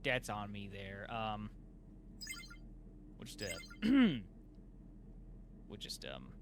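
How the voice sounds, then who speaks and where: A man giving casual gameplay commentary, excitable and self-mocking, with lots of fillers and sudden yelps. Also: lowish voice, takes it slowly, a little hiss or hum. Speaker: gameplay youtuber. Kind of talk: casual let's play commentary.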